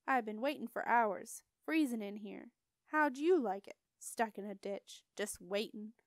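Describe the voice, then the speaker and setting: A woman voicing a grumpy male marsh creature with a deep, gurgling voice and a broad marshland drawl, dropping word endings. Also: unhurried, no room sound, clean studio sound, lightly acted. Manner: grumbling, clipped dropped endings.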